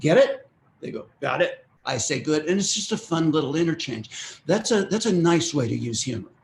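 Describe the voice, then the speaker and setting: A man's voice: a little high, big pitch swings, a little fast, gravelly, a little hiss or hum. An older man giving a conversational, easygoing parenting talk in an online meeting, with friendly asides as he teaches. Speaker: parenting workshop presenter. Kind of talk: webinar talk. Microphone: web meeting microphone.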